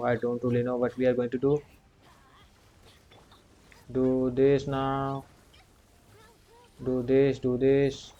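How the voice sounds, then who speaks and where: A young man talks through a video game run, muttering the same short commands over and over and grumbling in frustration. His delivery stays flat and monotone, and the recording sounds dull and lo-fi. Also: mid-range voice. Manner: muttered repetitive commands to himself; frequent filler "you can say". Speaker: gaming channel host. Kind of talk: live gameplay commentary.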